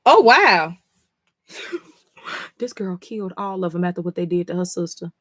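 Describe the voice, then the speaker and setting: A woman's voice: lowish voice, lively intonation, moderate pace, dry recording, studio quality. A woman reading comics live on stream, reacting emphatically, swearing and talking straight to her chat.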